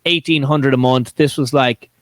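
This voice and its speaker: A man's voice: medium pitch, fairly even intonation, moderate pace, no room sound. A man co-hosting a podcast, telling rambling stories with lots of laughter in casual banter. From small town. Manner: rambling storyteller, laughs often. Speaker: podcast co-host.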